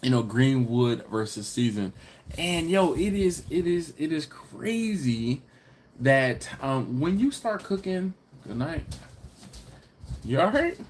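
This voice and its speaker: A man's voice: fairly high pitch, big pitch swings, slow, slight background noise. A man from Philadelphia hosting a casual livestream, reading viewer comments aloud and laughing often. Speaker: livestream host reading chat. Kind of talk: casual live chat.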